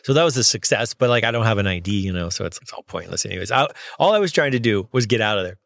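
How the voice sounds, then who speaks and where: A man who works as a notary, casually telling a personal story in an animated way and acting out both sides of the conversations. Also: lowish voice, racing, gravelly, no echo, clean studio sound. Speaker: notary signing agent.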